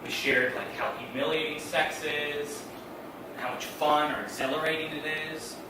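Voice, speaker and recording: A man's voice: on the high side, fairly even intonation, moderate pace. A man around thirty telling a comic personal story on stage, acting out voices and laughing through his lines. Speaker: solo storyteller. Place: theater stage. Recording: echoey stage from a distant mic with noise.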